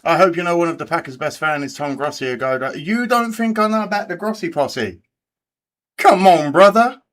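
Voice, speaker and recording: A man's voice: fairly high pitch, fairly quick. An English man hosting a live race watch party, bantering with his chat and swearing freely. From England. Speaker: livestream host.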